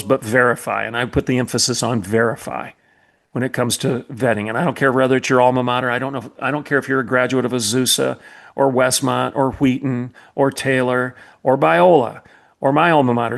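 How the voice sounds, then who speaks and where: Gravelly, emphatic male podcast host. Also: medium pitch. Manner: emphatic, repetitive, preacherly cadence. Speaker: podcast host, former college president. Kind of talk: impassioned commentary monologue.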